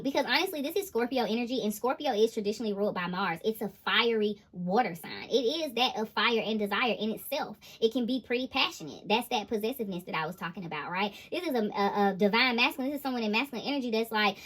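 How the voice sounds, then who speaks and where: Lively woman doing a tarot reading. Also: a little high, quick pace, few pauses, slightly rough. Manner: animated, laughing, exclaiming "ooh, child". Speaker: intuitive tarot reader. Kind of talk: casual tarot reading to viewers.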